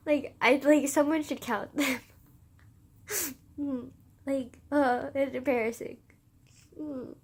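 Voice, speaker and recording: A woman's voice: high-pitched, steady tone, takes it slowly, long pauses. A woman vlogger talking in an emotional confessional, teary and laughing through tears, rambling with constant fillers.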